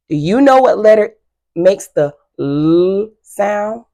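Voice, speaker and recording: A woman teacher giving a phonics lesson to young children, slow and encouraging with frequent praise. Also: lowish voice, sing-song, gravelly, darkish tone.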